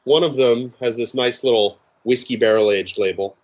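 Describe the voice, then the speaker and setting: A man's voice: mid-range voice, normal speed. A man co-hosting a casual tasting chat over a video call, explaining things hesitantly with lots of fillers. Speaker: co-host of a drinks tasting show.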